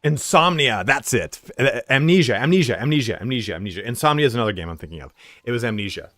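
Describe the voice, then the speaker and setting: A man's voice: medium pitch, animated, fast talker, fairly bright tone, dry recording, studio quality. A young man streaming from home, chatting casually and telling rambling stories with lots of swearing and filler words. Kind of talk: casual livestream chat.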